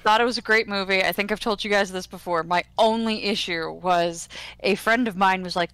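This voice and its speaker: Bright-voiced wry female co-host. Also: medium pitch, a little fast, smooth. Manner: dry, wry. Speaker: podcast co-host. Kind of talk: casual chat.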